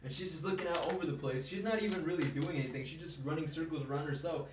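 Young guy, slangy rambling storyteller, a touch high, roomy and off-mic. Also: fast talker, recorded from a distance, heavy background noise. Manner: rambling, slangy, swears a lot. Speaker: storyteller in a chat. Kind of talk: casual chat. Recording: echoey room, away from mic.

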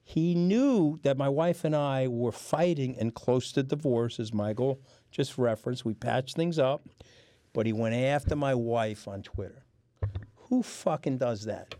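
This middle-aged guest on a casual chat show has a New York accent and tells blunt stories laced with swearing. His warm mid-range voice keeps a measured pace, with no room sound and clean studio sound.

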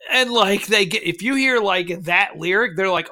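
A man's voice: high voice, moderate pace, sharp tone. Rambling laughing man hosting a podcast. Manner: rambling, laughing, swearing, lots of ums. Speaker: podcast host running a bracket vote. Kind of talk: casual chat.

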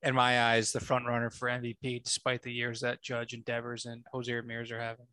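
Brief: male sports-talk co-host, crisp bright voice, emphatic, dry close recording. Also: mid-range voice, monotone, brisk, no echo. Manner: emphatic, stat-heavy arguing. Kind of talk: casual sports chat.

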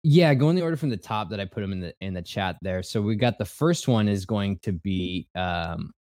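Low-voiced young man chatting casually. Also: lively intonation, fairly quick, a little mellow, dry recording. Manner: rambling, restarts, laughs often. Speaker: podcast co-host. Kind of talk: casual chat.

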